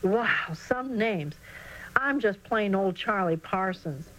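A woman's voice: medium pitch, animated, takes it slowly, a bit bright, rough recording. A woman voicing an earnest, eager young boy in a children's storybook reading.

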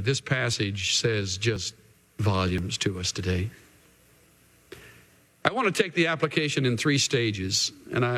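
A male pastor delivers an earnest sermon at an unhurried pace. His mid-range voice leans hard on repeated phrases. The sound rings with the long reverb of a church hall. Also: mid-range voice, fairly bright tone.

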